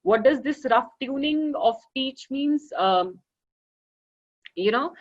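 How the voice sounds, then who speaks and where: A fairly high-voiced woman with an Indian English accent lectures an online class, leaning on "you know" and "okay" as she explains. The sound is dull and lo-fi, like laptop audio. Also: animated, slow pace. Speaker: teacher.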